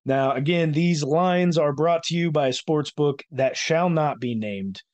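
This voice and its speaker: A man's voice: on the high side, measured pace, a little mellow, no room sound. Chatty man hosting a sports podcast. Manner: chatty, rambling with filler words. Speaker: podcast host. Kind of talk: casual sports podcast chat.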